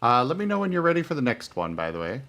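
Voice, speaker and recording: Playful, lively-voiced streamer man. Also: medium pitch, fast. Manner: playful, reads dialogue aloud. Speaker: streamer host. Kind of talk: casual let's-play chat.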